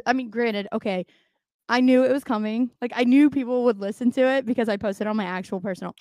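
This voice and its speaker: A young woman with a fairly high voice, talking bluntly and swearing freely as she co-hosts a casual podcast. She laughs often between stories. The sound is dry and close. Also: quick pace, a little mellow, no echo. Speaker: podcast co-host.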